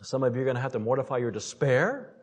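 Man preaching a lively sermon. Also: fast. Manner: animated preaching, swinging between loud emphasis and soft low asides; addresses the congregation with rhetorical questions. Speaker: pastor.

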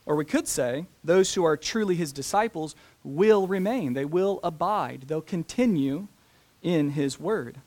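Emphatic preacher, man, slightly high voice. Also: animated, a little mellow. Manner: deliberate and emphatic, slowing down to stress scripture. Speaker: pastor. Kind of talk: sermon.

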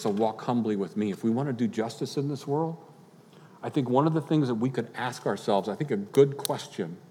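A man preaching a sermon as pastor, earnest, building to impassioned peaks and then dropping quiet. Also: on the low side. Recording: long hall reverb.

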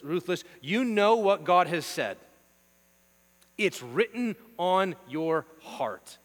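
A man preaching a sermon, emphatic and rhythmic, swinging between hushed passages and forceful declarations. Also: high voice. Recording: long reverb with mains hum.

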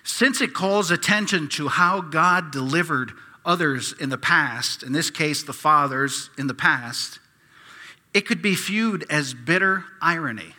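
A man preaching a sermon as a pastor, impassioned, swinging from hushed asides to loud pleading. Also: fairly high pitch, a little slow, long reverb tail.

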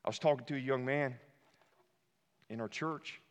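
A man preaching a sermon as a pastor, emphatic, dropping to a hush and then rising to shouts. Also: mid-range voice, moderate pace. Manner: emphatic, swings from hushed to shouting. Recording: long hall reverb.

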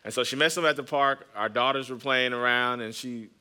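A man's voice: medium pitch, steady tone, a little fast, pushed and bright, smooth. A man in his thirties, a pastor hosting a podcast, preaching in a chatty way with personal stories and jokes aimed at the congregation. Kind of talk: conversational sermon with personal stories.

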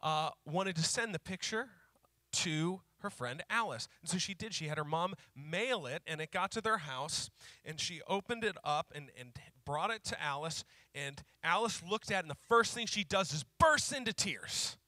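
A male pastor preaching a sermon who slows down to repeat key phrases for emphasis and tells stories in a conversational way. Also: fairly high pitch, expressive, bright, forceful tone, dry recording, clean studio sound. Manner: conversational storytelling with fillers.

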